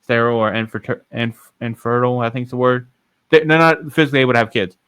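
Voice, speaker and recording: Smooth-voiced young man telling a story. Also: mid-range voice, fast, a bit bright, no room sound. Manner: rambling, self-correcting storyteller. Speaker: podcast host. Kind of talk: casual storytelling.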